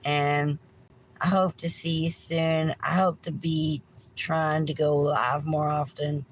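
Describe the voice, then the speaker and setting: A woman's voice: sits low, flat delivery, slow, slight background noise, poor audio. A middle-aged woman, hosting a livestream with a meandering rant, swearing freely and apologizing often. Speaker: livestream host.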